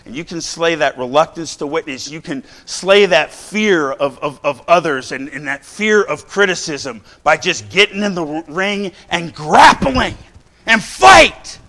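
High-voiced, fiery shouting preacher. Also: male voice, lively intonation, measured pace. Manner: exhorting, repetitive, bursts of shouting. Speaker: pastor. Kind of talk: fiery sermon.

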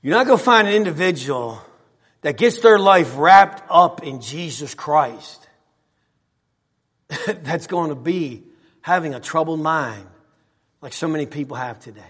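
A middle-aged man preaching a sermon in a church, repeating his phrases and swinging from soft asides to shouts. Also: on the high side, lively intonation, measured pace, pauses often, slightly rough. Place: church sanctuary. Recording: long hall reverb.

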